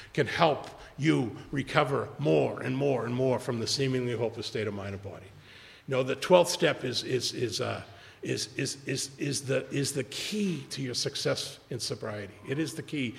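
A man's voice: a little high, creaky, fairly bright tone, long reverb tail. An older man speaking at a recovery retreat, rambling and repeating himself, acting out quotes from others.

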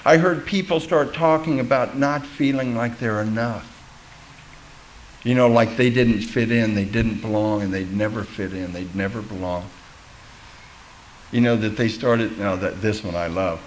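A man's voice: medium pitch, unhurried, a little hiss or hum, low-quality recording. A man giving a personal testimony at a recovery meeting, telling his story candidly and with self-mocking humor, acting out the voices of people he quotes.

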